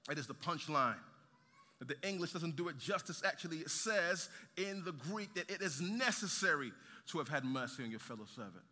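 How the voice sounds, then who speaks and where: A man preaching a sermon, lively, with rhetorical questions and light humor. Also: a little high, normal speed. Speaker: pastor. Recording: reverberant hall.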